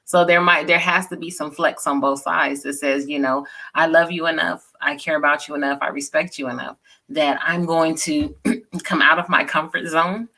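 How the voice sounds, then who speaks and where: Earnest and relaxed, a woman in her forties recounts personal stories as a guest in a casual conversation, speaking at a moderate pace. Her voice is low yet bright and forward, and she repeatedly checks in with "you know."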